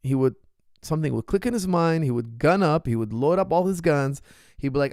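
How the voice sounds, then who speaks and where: A man's voice: fairly high pitch, animated, fairly quick, no room sound, clean studio sound. Emphatic man in an impassioned monologue. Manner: emphatic, repetitive, rising to forceful outbursts. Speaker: martial arts coach hosting a Q&A.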